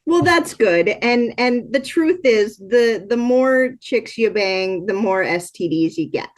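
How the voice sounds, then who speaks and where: A woman's voice: on the high side, expressive, slow pace. A Canadian woman hosting a casual interview, blunt and teasing with crude jokes. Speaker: host.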